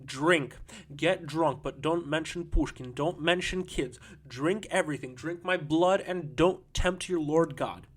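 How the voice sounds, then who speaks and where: A man reading an audiobook, voicing a jealous, hot-tempered young man who bursts out in slow, strained outbursts. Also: fairly high pitch, husky. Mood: tormented.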